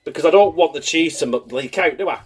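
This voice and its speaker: A man's voice: on the high side, fast, breathy edge. A man hosting a casual home cooking show, chatty, laughing and swearing as he works in his kitchen.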